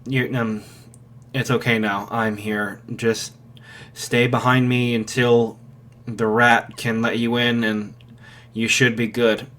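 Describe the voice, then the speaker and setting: A man voicing an exhausted, scruffy male hero who talks in a tired, low-key way. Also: level tone, slow, a bit bright. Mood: weary.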